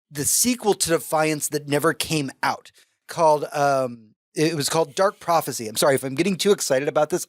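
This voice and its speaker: Guy on a gaming podcast getting all worked up, kinda high voice, dry close mic. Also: no echo. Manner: excitable, swears, talks in bursts. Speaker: podcast co-host. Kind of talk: casual chat.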